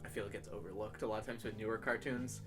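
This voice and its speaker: A man's voice: fairly low pitch, fast talker, music in the background. Easygoing man in casual film chat. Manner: relaxed, agreeable, many fillers. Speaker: podcast co-host.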